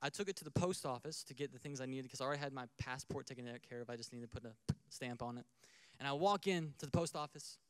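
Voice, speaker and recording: Smooth-voiced man preaching casually. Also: medium pitch, quick pace, no echo. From United States. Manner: conversational preaching, acts out little scenes. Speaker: pastor. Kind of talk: sermon.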